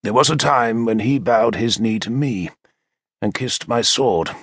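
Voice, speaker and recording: A man with a medium-pitched, slightly rough voice narrates an audiobook in the first person. His storytelling is measured and expressive, recorded close to a studio mic with no echo.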